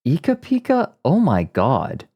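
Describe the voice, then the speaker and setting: A male streamer chatting casually, joking, reacting out loud and reading aloud from a web page. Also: medium pitch, wildly swooping pitch, a little slow, creaky, slightly rough. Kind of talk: casual livestream chat. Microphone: streaming mic.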